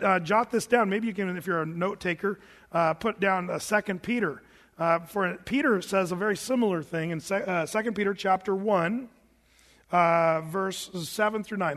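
High-voiced man preaching in a reverberant hall. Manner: conversational preaching with lively asides and acted-out quotes. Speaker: pastor. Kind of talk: sermon.

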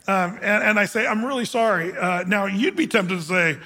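A male pastor preaching a sermon, animated and emphatic, acting out little scenes, with many fillers and restarts. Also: sits high, brisk, few pauses, long reverb tail.

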